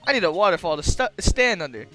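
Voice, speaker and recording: A man voicing an excitable teenage girl spirit medium, reading game lines in a chirpy, eager way. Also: high voice, fast, soft background music, voice pushed up, full character voice. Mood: cheerful. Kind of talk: video game voice-over reading.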